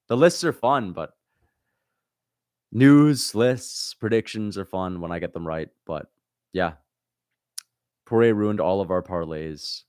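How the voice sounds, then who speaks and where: A man hosting a livestream, reading viewer comments aloud and answering them in a casual chat. He is frustrated and swears often, jumping between loud outbursts and low muttering. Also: a little slow, long pauses, no echo, studio quality. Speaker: livestream host reacting to fights.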